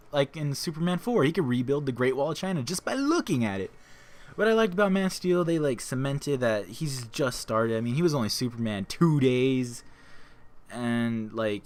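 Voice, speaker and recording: A young man talking casually and excitedly while playing a game, rambling and repeating himself. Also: medium pitch. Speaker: gaming YouTuber. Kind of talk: casual excited monologue over gameplay.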